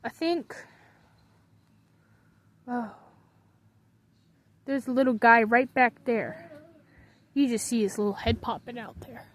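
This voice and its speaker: A woman with a slightly high voice muses aloud in a loose, rambling way, as if talking to herself. She chats casually from her bunk bed in a bedroom. Her thoughts wander from one to the next. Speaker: vlogger.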